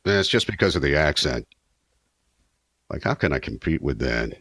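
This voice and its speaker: A man with a deep voice, co-hosting a podcast in casual chat, wry and self-mocking. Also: sing-song, moderate pace, fairly bright tone, husky, dry recording, clean studio sound. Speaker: podcast co-host.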